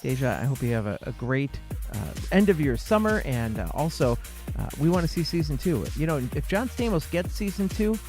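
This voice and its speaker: A man's voice: on the high side, big pitch swings, fairly quick, a little mellow, faint music behind. A man hosting a podcast, asking friendly questions and encouraging his guest. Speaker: podcast host. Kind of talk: casual interview chat.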